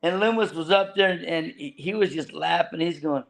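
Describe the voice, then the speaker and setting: A gravelly, high voice, animated and fairly quick, belongs to a veteran fishing boat deckhand telling a long, rambling story about his time at sea. He is a guest in a casual storytelling chat, and he keeps restarting and laughing as he goes.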